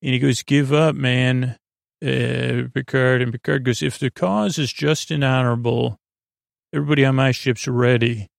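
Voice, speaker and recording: Recorded close on a dry mic without echo, this podcast host loosely recaps an episode, his gravelly, creaky voice sitting mid-range. His delivery is flat, even and halting, packed with fillers and stumbles, and he quotes characters without changing his voice.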